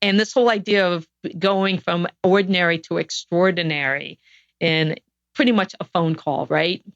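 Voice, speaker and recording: A woman's voice: on the low side, fairly even intonation, moderate pace, a bit bright, dry recording. Earnest woman guest, dull dry sound. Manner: earnest, reflective storytelling with frequent restarts. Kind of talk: podcast interview storytelling.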